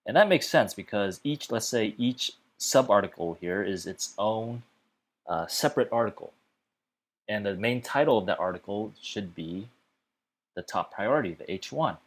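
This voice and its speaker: A man teaching a web development lesson in a casual, chatty way, often filling pauses with "okay" and "uh". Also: on the low side, lively intonation. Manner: chatty, fills gaps with okay and uh.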